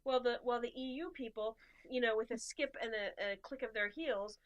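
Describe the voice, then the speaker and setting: Her voice is a little high and the audio sounds dull, though she talks at a normal pace. This young American woman co-hosts a podcast, casually recounting a travel tale and acting out what people said in quoted voices.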